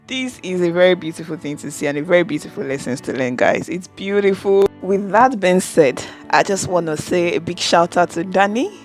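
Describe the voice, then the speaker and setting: A woman's voice: fairly low pitch, normal speed, soft background music. A woman recapping an episode in a casual reaction video, talking straight to her viewers and acting out the characters' lines as she goes. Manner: chatty, keeps addressing the viewers as guys; retells scenes with lively quoted dialogue. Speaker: video reviewer.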